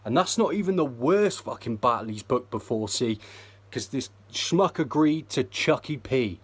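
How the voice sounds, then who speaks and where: A man's voice: mid-range voice, lively intonation, normal speed. A man with a mid-range voice, rapping battle bars a cappella. He sneers through one insult after another. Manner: sneering, insult-heavy delivery. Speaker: battle rapper. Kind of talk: a cappella rap battle verses.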